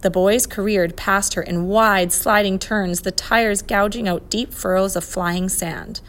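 A woman reading a children's adventure story aloud, expressive and lively. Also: medium pitch, unhurried, few pauses. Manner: expressive, voices the characters. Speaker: narrator.

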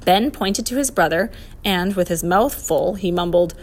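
A woman reading a children's storybook aloud in a steady, clear, expressive way. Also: fairly low pitch, moderate pace. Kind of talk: storybook read-aloud narration.

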